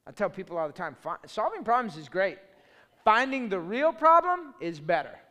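A pastor preaching a sermon, passionate and fired up, swinging from loud bursts to soft, low asides. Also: male voice, big pitch swings, normal speed, in a large hall.

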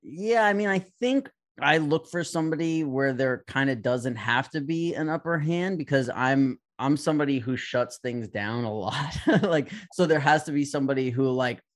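A man's voice: medium pitch, moderate pace, few pauses. A man in his thirties in casual podcast chat, laid-back and rambling, swearing now and then. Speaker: podcast co-host.

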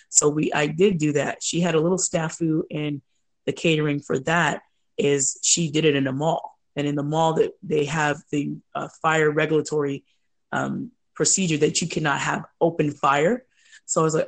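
A woman telling stories in a chatty, animated way as an interview guest. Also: low voice. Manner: chatty, animated, quick asides. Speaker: guest, entrepreneur. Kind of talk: casual storytelling.

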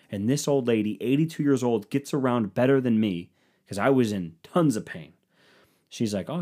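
Crude, animated man telling a story. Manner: animated, crude, acts out quotes of friends in low mumbles. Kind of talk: profane comedic storytelling.

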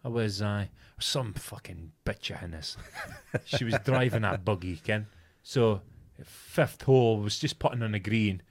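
Teasing Scottish man with a lowish voice. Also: measured pace, hardly any pauses. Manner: chatty, teasing, laughs easily. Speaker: podcast co-host. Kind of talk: casual banter.

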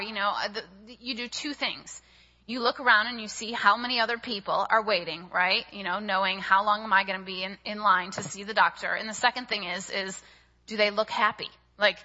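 A young woman giving a sermon, telling a personal story in an animated, chatty way with many fillers. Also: mid-range voice. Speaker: speaker at a church service. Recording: dull audio with long hall reverb.

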